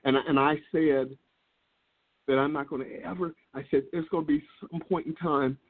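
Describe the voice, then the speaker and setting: Earnest, laid-back male guest with a husky tone, heard over a thin phone line. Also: fairly high pitch, fairly even intonation, normal speed. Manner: laid-back, earnest, circles back on his words. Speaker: guest speaker. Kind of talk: business call interview.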